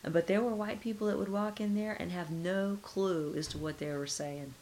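Low-voiced middle-aged woman musing aloud. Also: normal speed, slight background noise, low-quality recording. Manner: relaxed, musing, trailing off with rhetorical questions. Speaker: interviewee. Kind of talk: casual conversational interview.

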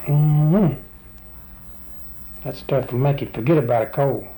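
An older man speaks in a mellow, warm tone. He rambles along in a folksy, plainspoken way, answering questions as the interviewee. A faint hiss runs under his voice. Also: medium pitch, unhurried, poor audio. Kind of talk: casual chat.

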